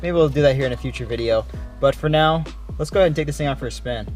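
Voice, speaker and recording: A young man hosting a car build vlog, calmly explaining his work as he goes in a home garage. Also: mid-range voice, racing, soft background music. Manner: laid-back, chatty, explains as he works. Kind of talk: casual garage vlog walkthrough.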